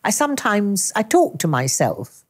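An older woman with a Glasgow Scottish accent, an actress talking in an interview, carefully enunciating and finishing every word with a crisp snap. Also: medium pitch, big pitch swings. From Britain. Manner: crisp, deliberate enunciation with emphatic word endings. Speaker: actress and author, interview guest. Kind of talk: conversational interview.

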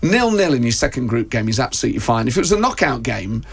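A man speaking quickly as a talk-show guest, with a gravelly, creaky texture to his voice. He is animated and chatty in relaxed discussion and laughs easily. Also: medium pitch. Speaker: guest, football podcaster. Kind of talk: casual discussion.

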